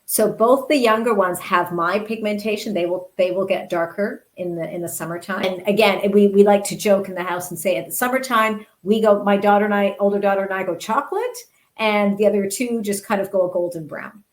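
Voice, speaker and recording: A woman's voice: medium pitch, a little fast, low-quality recording. A middle-aged woman, a guest in an interview, telling personal stories earnestly and often restarting her words. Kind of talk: candid personal storytelling.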